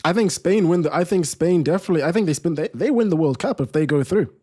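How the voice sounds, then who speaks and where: Brief: male streamer with a slightly high voice, casual football commentary, lots of restarts. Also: expressive, fast talker, warm tone, breathy edge. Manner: chatty, restarts sentences, reads viewer comments aloud. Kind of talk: live stream commentary and chat.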